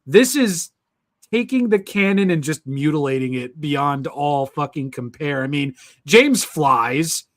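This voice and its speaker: A man's voice: fairly high pitch, lively intonation, a bit bright, no echo, studio quality. A man co-hosting a casual podcast, frustrated, stammering and swearing. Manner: halting, profane, frustrated. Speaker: podcast co-host. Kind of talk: casual chat.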